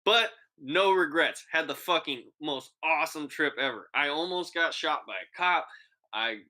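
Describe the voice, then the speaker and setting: Bright-voiced young man telling a wild story. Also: fairly high pitch, a little slow. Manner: animated, profane, acts out quoted voices. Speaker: podcast co-host. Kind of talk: casual storytelling chat.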